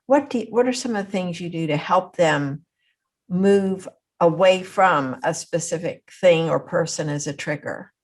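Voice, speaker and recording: A woman's voice: on the low side, a little slow, darkish tone. A woman hosting a podcast interview, thinking aloud in a reflective, conversational way. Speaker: podcast host.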